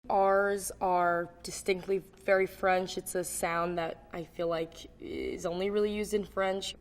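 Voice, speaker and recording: A woman's voice: lowish voice, steady tone, unhurried, few pauses, big-room sound. A woman casually explaining how to do a French accent in a chatty way, with frequent "like" fillers. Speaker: actor doing a surprise accent showcase.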